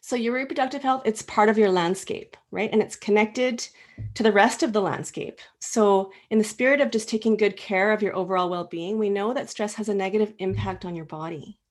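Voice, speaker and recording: A woman talks through a health topic in a relaxed, conversational way, her sentences full of ums and restarts. She speaks earnestly and directly to the listener, like a practitioner explaining things to patients. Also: mid-range voice, brisk. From Canada. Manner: warm, earnest, conversational with many fillers and restarts. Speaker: acupuncturist and clinic co-owner giving a health talk. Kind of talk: informal educational talk. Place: indoors, presenting slides.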